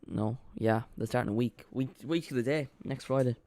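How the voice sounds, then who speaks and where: A man's voice: medium pitch, brisk, mellow, dry recording. A young Irish man chatting casually while streaming a football watchalong from home, rambling with frequent restarts. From Ireland. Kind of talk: casual live commentary.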